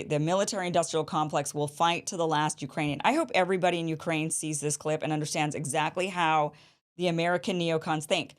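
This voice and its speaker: A woman hosting a political commentary show, sarcastic and mocking, with lively asides. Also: fairly low pitch. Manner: animated, with mock voices of opponents. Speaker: show host.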